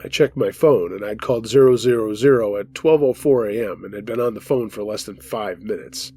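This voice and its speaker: A man hosting a horror podcast, reading a listener's true scary story aloud in the first person with steady, measured narration. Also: on the low side, husky, soft background music. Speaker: storytelling host.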